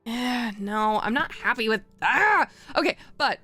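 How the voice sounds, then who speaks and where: A woman's voice: fairly high pitch, moderate pace, sharp tone, soft background music. A woman streaming as a VTuber, chatting casually and rambling as she thinks aloud while working, often laughing. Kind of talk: casual live-stream chat.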